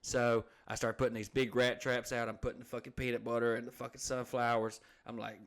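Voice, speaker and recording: A man's voice: mid-range voice, little pitch movement, a little fast, hardly any pauses. Profane rambling man telling a story. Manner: profane, rambling, swearing constantly, acts out voices in anecdotes. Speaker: podcast co-host. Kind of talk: crude casual storytelling.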